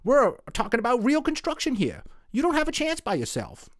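A man's voice: very high-pitched, huge pitch swings, a little fast, no echo, studio quality, voice pushed up, full character voice. A man voicing a boastful, mocking young boy animal in a storybook. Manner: taunting, smug.

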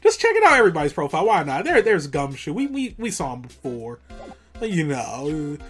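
A woman's voice: low-pitched, wildly swooping pitch, fairly quick, faint music behind. A woman giving casual, rambling, giggly commentary as a let's play host. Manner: giggly, rambling, self-amused.

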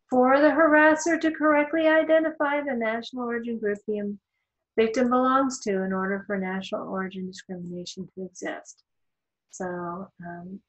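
A woman's voice: medium pitch, low-quality recording. Woman giving a casual law lecture. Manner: conversational, with asides and fillers. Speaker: law instructor. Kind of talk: recorded lecture.

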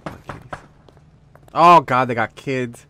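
A man's voice: medium pitch, a little slow, bright, forceful tone. A young man streaming a game and chatting casually, rambling and swearing while he jokes. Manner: profane, rambling, joking. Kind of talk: casual gameplay chat.

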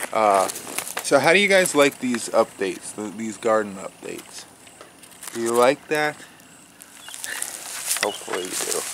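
Slow, low-voiced man vlogging. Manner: chatty, loud, showing garden plants; soft, slow, soothing voice to a sleepy cat. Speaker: daily vlogger. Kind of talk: casual vlog narration. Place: outdoors in a garden. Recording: handheld camera, clear background noise.

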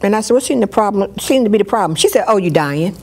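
A woman telling a personal story in an interview, lively, and she acts out what others said. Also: medium pitch, very fast, slightly rough. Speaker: storyteller sharing her life.

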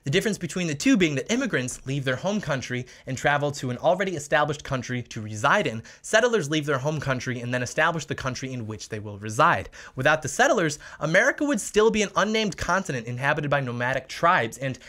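A man hosts a political commentary video, mocking and combative in tone. He talks quickly with a bright, forceful edge. His pitch sits a little high for a man. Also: sing-song.

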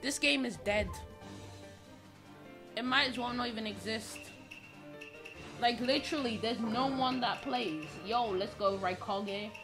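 A young man giving profane, excitable trash-talk commentary over his gameplay, breaking into sudden shouts. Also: very high-pitched, unhurried, pauses often. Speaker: gaming channel host. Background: game music.

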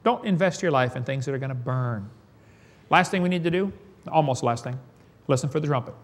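A man with a Southern US accent preaching a sermon in a folksy, joking way, swinging between loud and soft. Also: medium pitch, animated, brisk. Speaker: evangelist preacher.

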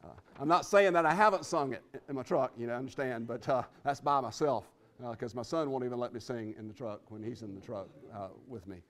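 A middle-aged man giving a motivational speech at a conference, talking quickly and often repeating or restarting his words. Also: medium pitch. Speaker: conference speaker. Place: conference hall.

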